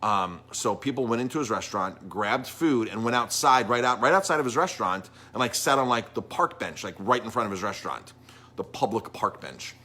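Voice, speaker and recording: A man's voice: on the low side, animated, a little fast, bright, forceful tone. A middle-aged man, a chef and restaurant owner talking casually on a live stream, rambling with lots of ums and restarts.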